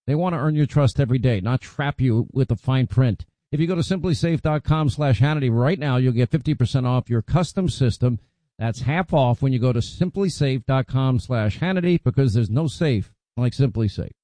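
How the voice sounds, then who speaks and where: Guy host doing a live-read ad, warm mellow voice, dry close mic. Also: medium pitch, dry recording. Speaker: radio host reading an ad. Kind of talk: read radio ad.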